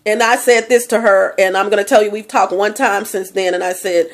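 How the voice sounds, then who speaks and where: A woman's voice: medium pitch, expressive, a little slow, creaky, fairly bright tone. A middle-aged woman rambling emotionally in a personal vlog monologue, speaking straight to her viewers. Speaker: vlogger.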